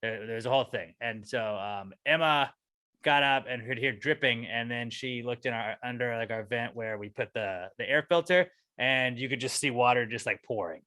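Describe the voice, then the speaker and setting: A man co-hosting a podcast, telling a long profane rant about his apartment that keeps climbing in pitch when he gets angry. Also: moderate pace, pushed and bright, dry recording. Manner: ranting, profane storytelling, voice rising when angry. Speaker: podcast co-host. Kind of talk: casual chat.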